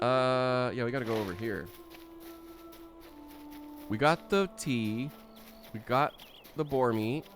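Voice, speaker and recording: A man streaming a game, chatting casually and playfully, often giggling and joking to himself. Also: medium pitch.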